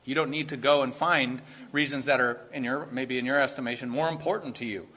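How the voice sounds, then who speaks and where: A man's voice: medium pitch, steady tone, brisk, pushed and bright. A man preaching a sermon in an earnest, conversational way, rising to emphatic points. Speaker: pastor.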